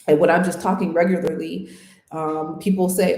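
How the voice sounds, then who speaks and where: A woman's voice: fairly low pitch, fairly even intonation, fairly quick, a little mellow. A woman from the United States in a casual, reflective interview, talking earnestly, thinking aloud and often checking in with "right?". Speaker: interviewee, channel host. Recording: roomy echo.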